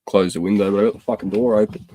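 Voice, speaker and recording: A man hosting a casual chat, excitable and slangy, swearing often. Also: on the low side, racing, slight background noise.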